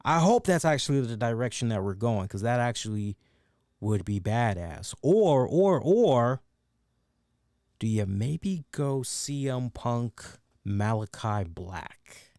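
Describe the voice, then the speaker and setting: A man hosting a wrestling review show, talking in a casual, animated and profane way and laughing at his own jokes. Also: fairly low pitch, a little slow, no room sound, clean studio sound. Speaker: wrestling review podcast host. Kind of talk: casual excited chat.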